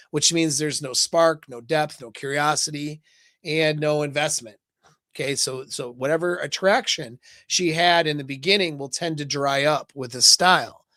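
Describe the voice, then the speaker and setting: A man giving a live dating-coach talk in a casual, loose way, full of fillers and quick "right?" checks. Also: on the high side, a bit bright, no echo, studio quality.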